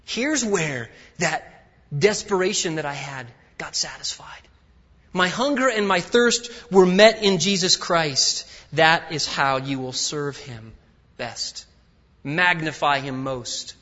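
Guest preacher, man, higher-pitched, loud peaks dropping to quiet asides; dull sound in an echoing sanctuary. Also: slow pace. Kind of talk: sermon. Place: large church sanctuary. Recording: dull audio with long hall reverb.

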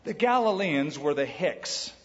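A man preaches a sermon with a slightly high voice, talking to the room conversationally and dropping in quick quoted lines. The sound is somewhat dull, with a long reverb tail from a large church sanctuary. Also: animated. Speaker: pastor.

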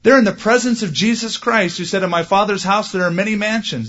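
A man preaching a sermon, animated, growing loud and high when he stresses a point. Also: a little fast, few pauses, highs cut off. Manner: animated, rising loud for emphasis. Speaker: pastor.

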